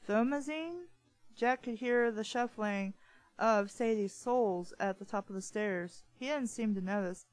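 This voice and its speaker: A woman's voice: mid-range voice, fairly even intonation, normal speed, no echo, rough recording. A woman book reviewer reading a novel aloud in a plain voice and breaking off for mocking side comments.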